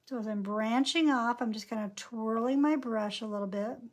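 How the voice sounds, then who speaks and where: A woman with a slightly higher voice leads a painting lesson. She keeps up a running, chatty commentary on every brushstroke and color as she paints. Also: normal speed. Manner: chatty, narrates each brushstroke aloud. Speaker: painting instructor.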